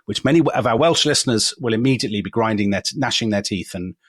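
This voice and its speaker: English male podcast co-host, lowish pitch, dry close mic, chatty and self-deprecating. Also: quick pace, dry recording. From England. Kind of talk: casual history podcast chat.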